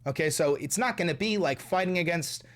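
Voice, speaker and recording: A man's voice: a little high, a little fast. A man hosting angry political commentary, talking in a heated, profane and sarcastic way.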